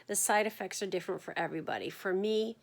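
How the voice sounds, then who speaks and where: A woman sharing her experience in a casual video diary, talking to the camera at home in a tired, unhurried way with frequent ums and yawns. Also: mid-range voice, gravelly. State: fatigued from chemotherapy. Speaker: vlogger sharing her chemotherapy journey.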